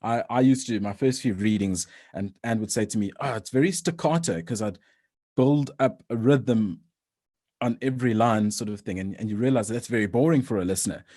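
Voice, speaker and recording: A man's voice: on the low side, brisk. A man, a voice-over artist, chatting casually in an interview with frequent restarts. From South Africa. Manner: relaxed, rambling with frequent restarts and laughs.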